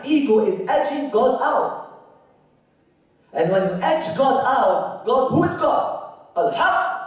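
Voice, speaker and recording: A man giving a spiritual lecture, emphatic, repeating his phrases and dropping from loud to hushed. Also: extremely high pitch. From Canada. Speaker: religious lecturer. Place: lecture hall. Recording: echoey hall, voice from far off.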